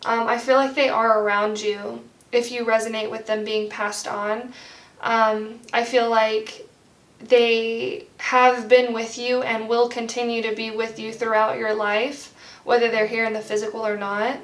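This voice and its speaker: A young woman delivers a pick-a-card tarot reading in a gentle, heartfelt manner, rambling with plenty of "like". Her voice sits a little high. It sounds roomy and slightly distant, as if she sits back from the microphone. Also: little pitch movement, unhurried. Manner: rambling, heavy use of "like".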